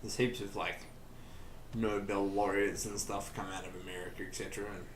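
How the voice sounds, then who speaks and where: A young man chatting casually over a let's play, telling stories in a rambling, animated way. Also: lowish voice, brisk, background noise. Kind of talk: casual gaming chat. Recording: echoey room.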